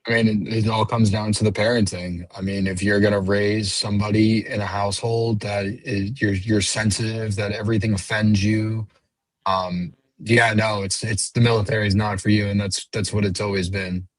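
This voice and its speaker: A man's voice: on the low side, level tone, normal speed, dry recording, poor audio. A man in his late twenties, blunt and combative in a heated panel debate. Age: late 20s. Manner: blunt and combative, mocking voices. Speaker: panel guest.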